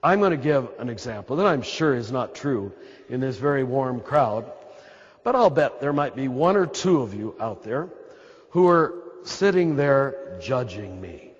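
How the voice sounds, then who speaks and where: A man's voice: medium pitch, expressive, unhurried, slightly rough, in a large hall, dull audio. A man with an American accent, a Catholic priest giving a spiritual talk to a live audience in a throaty voice. He is emphatic and repeats his points, speaking straight to his listeners. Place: large hall with an audience.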